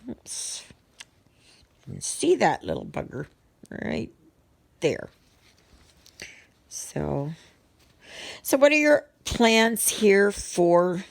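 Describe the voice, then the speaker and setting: A woman's voice: mid-range voice, creaky. A middle-aged woman chatting casually to her viewers in a rambling way, full of ums and restarts. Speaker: vlogger. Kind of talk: casual chat to viewers while stitching.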